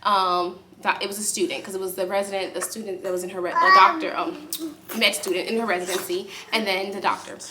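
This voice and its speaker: A woman's voice: mid-range voice, quick pace, noisy background. Chatty young woman telling a vlog story. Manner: animated, acts out quotes in a raised voice; speaks softly aside to her baby. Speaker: vlogger. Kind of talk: casual storytelling to camera.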